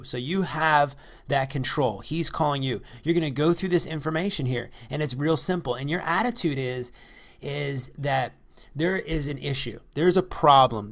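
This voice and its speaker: A man's voice: mid-range voice, gravelly, a bit bright. A man who is a real estate investor giving a casual, rambling talk on negotiation, full of fillers and restarts.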